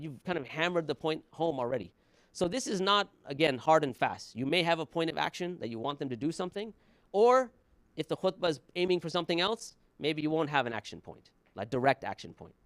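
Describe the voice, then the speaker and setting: Man teaching preaching, lively and dry. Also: on the high side, dry recording. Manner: conversational, rhetorical questions, laughs between points. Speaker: workshop instructor.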